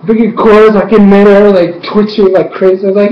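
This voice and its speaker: A young man races through a rambling fan recap, jumping into yelps and sound effects as he acts out scenes. His voice sits a little high for a man. The recording is muffled and lo-fi, in an echoey room with a faint hum of ambience. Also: level tone, fast talker, hardly any pauses. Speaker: fan reviewer. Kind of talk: excited casual episode recap.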